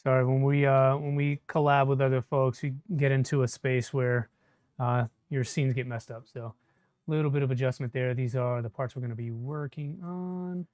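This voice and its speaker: A man's voice: mid-range voice, fairly even intonation, moderate pace, a little mellow, clear, resonant tone, dry recording, studio quality. A man chatting casually on a live stream while he assembles a 3D printer, answering viewer comments as he works. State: a bit shaky from caffeine.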